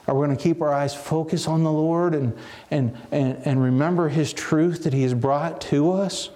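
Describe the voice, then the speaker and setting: Man, preacher, sermon, earnest and reflective, mellow voice, slightly high pitch. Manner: earnest, reflective, with frequent restarts.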